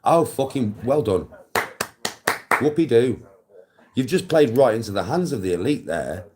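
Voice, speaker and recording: A middle-aged Englishman hosts a live stream, his medium-pitched voice lively in intonation and a little slow, with a noisy background. He delivers a blunt, coarse monologue full of swearing straight at the viewer, lecturing them directly and answering chat.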